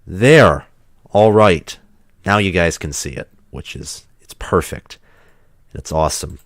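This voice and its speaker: A man's voice: sits low, animated, slow, dry recording, clean studio sound. A man hosting a livestream while sick, chatting in a rambling, casual way with loose restarts. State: sick, under the weather. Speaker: livestream host.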